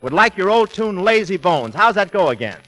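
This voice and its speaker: Wisecracking man, lively high voice. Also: a little fast. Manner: wisecracking, punchy. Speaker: comedian host. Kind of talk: 1940s radio comedy banter. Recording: noisy 1940s radio broadcast.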